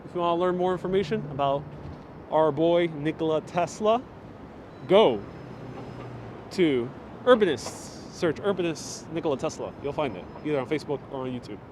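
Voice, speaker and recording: Speaking at normal speed in an animated voice on the high side, a man guides a live walking tour down a city street, reading viewers' comments out loud and chatting with them. A wireless lapel mic and gimbal-mounted phone pick him up against noisy street ambience.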